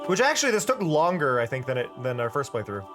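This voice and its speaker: A person giving chatty, joking commentary while streaming a game. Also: male voice, on the high side, sing-song, quick pace, music in the background. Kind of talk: casual gameplay commentary.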